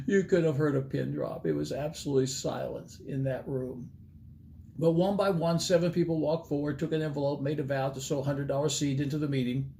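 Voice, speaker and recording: An older evangelist tells a story from his ministry days in a folksy, animated way, acting out each exchange. His voice sits a little high yet sounds mellow and warm. A faint hiss runs under the recording. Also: moderate pace, vocal fry. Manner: folksy, animated storyteller who acts out dialogue. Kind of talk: storytelling sermon to camera.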